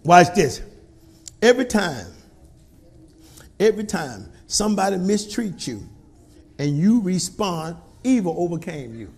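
A male pastor preaching a sermon in a call-and-response style, swinging between quiet asides and shouted lines. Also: high-pitched, sing-song, takes it slowly, long pauses.

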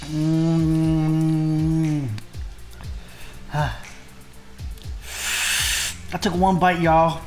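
In a fairly high, darkish voice, a man casually vlogs a spicy food challenge, groaning and exclaiming between bites in a mukbang-style video.

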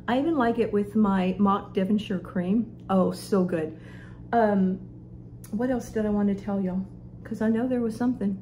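A woman's voice: mid-range voice, normal speed, dark tone, slight background noise. A middle-aged woman, chatting homey and friendly to viewers as she shows a recipe in her kitchen. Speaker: cooking show host. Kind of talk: casual cooking demonstration. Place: home kitchen.

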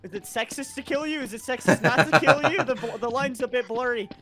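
A young man chatting over a headset mic while gaming with friends, joking, swearing and panicking in quick bursts. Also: very high-pitched, expressive. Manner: profane, jokey, panicky bursts. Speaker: gamer in online voice chat. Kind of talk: casual gaming chat.

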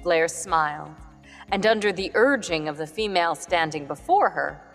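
A woman reading a storybook narration in a calm, measured way. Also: on the low side. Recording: long reverb with background music.

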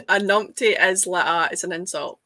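Bright-voiced Scottish woman on a call. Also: lowish voice, normal speed, no room sound. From Scotland. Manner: enthusiastic explainer of words. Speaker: guest. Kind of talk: casual chat.

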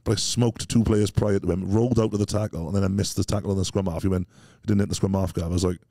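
A man's voice: deep voice, little pitch movement, quick pace, mellow, no echo, studio quality. A Welsh man telling rambling, self-doubting stories as a guest in a casual interview, swearing bluntly. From Wales. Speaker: podcast guest.

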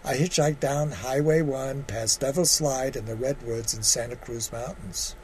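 A California-born playwright in his eighties, appearing as a guest, answers interview questions and reads his memoir aloud, often hesitating and repeating words. His medium-pitched voice is a little slow and mellow, and the low-quality recording carries slight hiss or hum.

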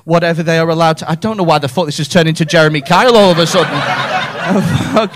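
A man's voice: fairly high pitch, fairly quick, noisy background. A man doing sweary crowd work on a comedy club stage, often laughing at his own jokes. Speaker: stand-up comedian.

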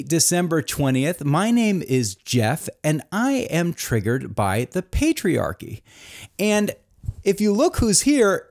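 A man hosts a satirical comedy show in a mock-earnest, deadpan monologue. His pitch bounces around a lot, and he rambles from one point to the next. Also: gravelly.

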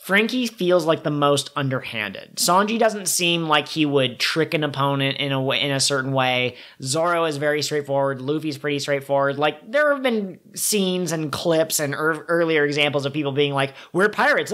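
Low-voiced woman, chatty podcast co-host. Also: normal speed, few pauses. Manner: lively, acts out characters' lines in silly voices. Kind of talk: casual podcast chat.

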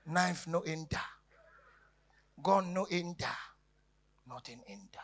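Squeaky gravelly Nigerian comedian man. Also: animated, a little slow, long pauses. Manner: dramatic, swinging from shouts to hushed murmurs. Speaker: stand-up comedian. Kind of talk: stand-up storytelling in Pidgin.

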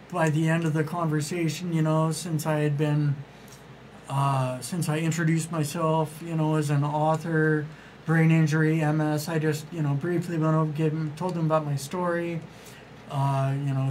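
A man's voice: fairly high pitch, darkish tone, a little hiss or hum, poor audio. A man guesting on a radio interview as an author, telling stories in a rambling, enthusiastic way and acting out the dialogue he quotes. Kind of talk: casual radio interview storytelling.

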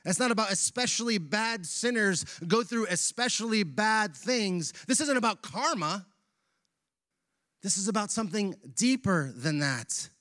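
A male pastor preaching a sermon in a church, casual and animated, using slang as he retells a Bible passage. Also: sits high, unhurried, no echo, clean studio sound. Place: church sanctuary.

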